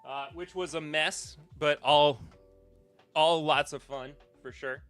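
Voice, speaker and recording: A man's voice: a little high, fairly even intonation, takes it slowly, fairly bright tone, clear, resonant tone, faint music behind. A man in his thirties from the Southern United States, hosting a casual livestream podcast and rambling with lots of fillers and restarts. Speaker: podcast host.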